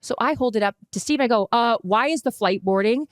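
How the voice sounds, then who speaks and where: A woman's voice: a little high, a little fast, clean tone, dry recording. Woman in her 40s on a podcast, telling a wild story, swears a bit, very dry mic. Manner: animated, dramatic retelling with swearing. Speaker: podcast co-host. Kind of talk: casual storytelling chat.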